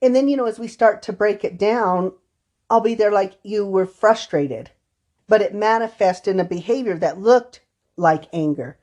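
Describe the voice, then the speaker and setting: A woman's voice: medium pitch, normal speed, darkish tone. A woman co-hosting a podcast conversation, a counselor who talks casually and acts out short quotes from her clients. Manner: conversational, tells anecdotes with acted-out quotes. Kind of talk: casual chat.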